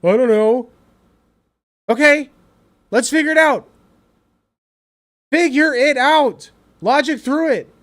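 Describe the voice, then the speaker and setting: A man streaming reaction commentary, ranting in an animated, exasperated way with lots of swearing. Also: extremely high pitch, slow, long pauses.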